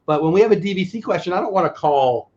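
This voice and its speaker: A man's voice: high-pitched, expressive, fast talker, darkish tone, slight background noise. Chatty joking man, lo-fi sound. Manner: chatty, joking, self-deprecating. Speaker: livestream host. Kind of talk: casual livestream chat.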